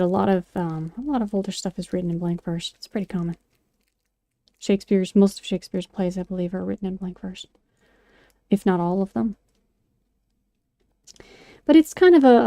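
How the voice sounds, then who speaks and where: A woman's voice: mid-range voice, warm tone, no room sound, clean studio sound. A woman vlogger chatting casually and rambling, with many fillers and restarts. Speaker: craft and poetry vlogger. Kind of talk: casual chat while sculpting.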